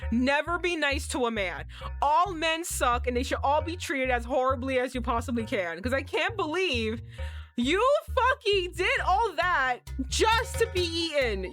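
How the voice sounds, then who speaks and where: A woman streamer reacting to a game in loud, swearing bursts. Her voice sits above the usual pitch and leaps around wildly. Faint game music plays under her. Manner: loud, swearing, laughing outbursts. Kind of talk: livestream game commentary.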